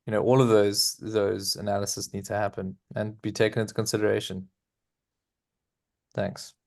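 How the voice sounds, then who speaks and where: A man with a low voice makes his case on a discussion panel. He explains steadily, dropping in the odd filler as he goes. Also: little pitch movement, normal speed, vocal fry, a little mellow.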